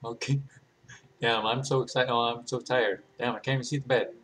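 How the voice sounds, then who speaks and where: A man's voice: mid-range voice, steady tone, a little fast, a bit bright, slight background noise. Playful man narrating a game. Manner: playful, laughing, thinks aloud. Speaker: gaming channel host. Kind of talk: casual game commentary.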